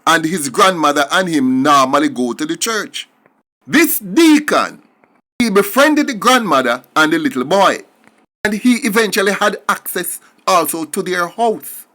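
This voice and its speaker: A man's voice: a little high, pushed and bright. A middle-aged Jamaican man giving an emphatic, indignant opinion monologue and slipping between English and patois. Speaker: commentator.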